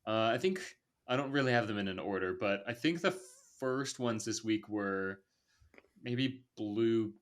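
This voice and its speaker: A man's voice: on the low side, a little slow. A young man hosting a casual movie podcast, laid-back with lots of fillers and frequent laughter. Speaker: podcast host.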